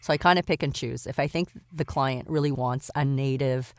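A woman's voice: extremely low pitch, normal speed, darkish tone, dry recording, clean studio sound. A woman from Canada, a voice actor guest, chatting casually and laughing easily as she explains things. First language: English. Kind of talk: casual interview chat.

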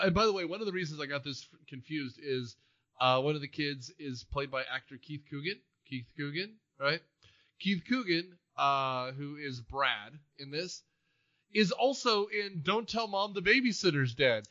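Bright-voiced man, animated movie chat. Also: fairly high pitch, normal speed, no room sound, lo-fi sound. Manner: animated, laughs often, acts out quotes. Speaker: podcast co-host. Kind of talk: casual movie-review chat.

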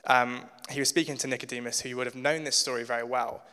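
A young man giving a relaxed, informal sermon in a church and reading scripture aloud, with many ums. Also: medium pitch, fast, smooth. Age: young adult. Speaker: church speaker. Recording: long church reverb.

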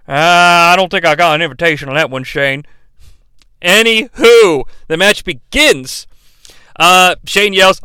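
Sarcastic man with a bright voice. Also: on the high side, normal speed, clear, resonant tone, no echo. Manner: sarcastic, profane. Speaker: podcast host. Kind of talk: comedic wrestling recap.

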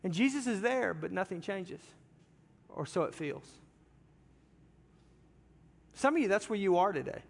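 A man preaching a sermon in a church, impassioned, moving from loud cries down to hushed, quiet passages. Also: high voice, expressive, unhurried, vocal fry, pauses often. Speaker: pastor. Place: large church sanctuary. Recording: long reverb of a big hall.

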